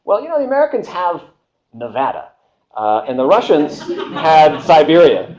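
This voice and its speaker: Animated male history lecturer. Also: a little high, moderate pace. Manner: animated, acts out quoted voices, many filler uhs and restarts. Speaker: history professor giving a seminar talk. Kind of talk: university lecture.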